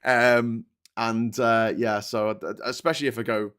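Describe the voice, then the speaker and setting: A man's voice: medium pitch, level tone, a little slow, fairly bright tone, clear, resonant tone. A man with a Liverpool accent hosting a live-stream political chat, ranting with stammering restarts and swearing. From England. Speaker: livestream host.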